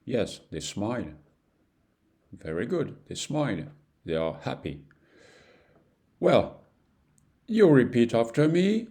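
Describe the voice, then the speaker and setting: A man's voice: mid-range voice, very animated, slow, long pauses, warm tone. A man with a French accent teaching a beginner language lesson in patient, slightly broken English, repeating each phrase.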